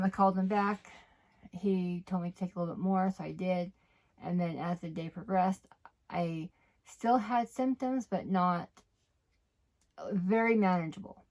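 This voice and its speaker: Low gravelly-voiced woman telling her story. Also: a little mellow. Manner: candid, rambling, self-correcting, often dropping to a near whisper. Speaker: vlogger sharing her recovery story. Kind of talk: personal storytelling to camera.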